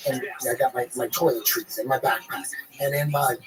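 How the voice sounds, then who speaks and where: A man telling a rambling, profane story in casual podcast chat, animated and full of restarts. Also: mid-range voice, moderate pace, music in the background, low-quality recording.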